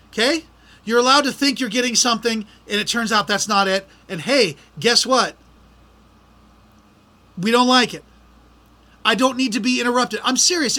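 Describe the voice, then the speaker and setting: A man's voice: high-pitched, sharp tone. A middle-aged man hosting a podcast, complaining in an exasperated, ranting way. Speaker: podcast host. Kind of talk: casual podcast monologue.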